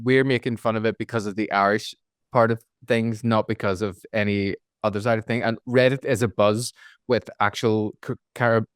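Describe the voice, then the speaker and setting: A man's voice: fairly low pitch, clear, resonant tone, no echo, studio quality. A man with a Belfast accent hosting a podcast, chatting casually and rambling with lots of "like" and asides. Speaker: podcast host.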